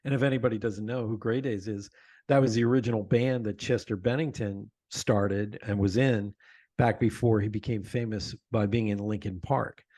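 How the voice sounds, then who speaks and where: A man guesting on an interview podcast, telling animated stories about his own show and laughing often. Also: lowish voice, normal speed, no echo. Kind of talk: conversational interview.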